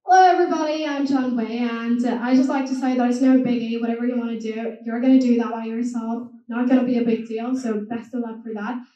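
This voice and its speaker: A woman's voice: on the high side, steady tone, quick pace, hardly any pauses, warm tone, highs cut off, close to an everyday voice. A young woman putting on an Australian accent as a laid-back, upbeat man. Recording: echoey hall from far off.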